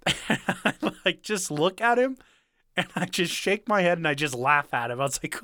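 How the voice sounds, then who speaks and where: A man's voice: a little high, sing-song, moderate pace, sharp tone, no echo, clean studio sound. A young man co-hosting a casual podcast, telling a story with lots of swearing, laughing and self-mockery. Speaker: podcast co-host.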